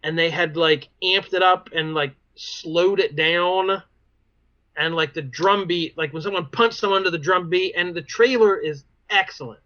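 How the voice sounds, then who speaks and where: A man's voice: high voice, unhurried, bright, forceful tone. A man co-hosting a pop culture podcast, chatting casually and saying "like" a lot. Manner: chatty, says "like" often. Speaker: podcast co-host. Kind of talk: casual chat. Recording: dull lo-fi sound.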